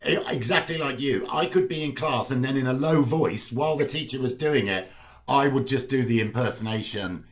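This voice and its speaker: A middle-aged man chatting as a guest on a video call, telling family anecdotes in a relaxed storytelling way. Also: mid-range voice, brisk, far from the mic. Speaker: actor guest. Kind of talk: casual video-call chat.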